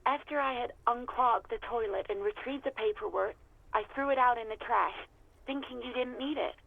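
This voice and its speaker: A woman's voice: a little high, moderate pace, gravelly, dry recording, narrow, tinny audio. A woman voicing a weary young former hotel clerk who talks bluntly and with exasperation. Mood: exasperated.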